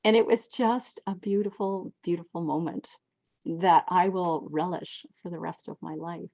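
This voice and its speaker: A woman in her sixties telling heartfelt personal stories as a guest, reflective and expressive, on a dull lo-fi recording. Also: moderate pace, gravelly. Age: 60s. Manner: heartfelt, reflective, lively swings in pitch. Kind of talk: personal storytelling.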